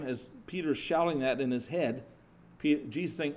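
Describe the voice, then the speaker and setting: A man preaching a sermon in a conversational, animated storytelling way, with frequent restarts and asides to the congregation. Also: on the high side, moderate pace.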